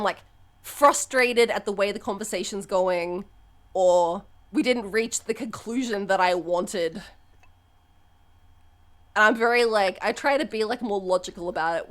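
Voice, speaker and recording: A young woman streamer chatting candidly on a live stream, swearing freely and breaking into loud laughs. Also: medium pitch. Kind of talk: casual live-stream chat.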